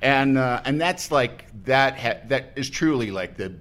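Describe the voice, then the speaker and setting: A man's voice: medium pitch, lively intonation, measured pace, a bit bright. A man on a podcast as a guest, chatting casually and telling a rambling anecdote, often breaking off mid-sentence and acting out what people said. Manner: rambling, self-interrupting storyteller who acts out quotes.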